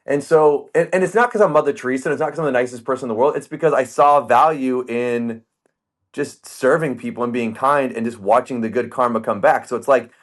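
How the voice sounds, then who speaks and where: A man hosting a podcast in casual chat, telling stories in an animated way and acting out the voices of the people he quotes. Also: mid-range voice, brisk. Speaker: podcast host. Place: podcast studio.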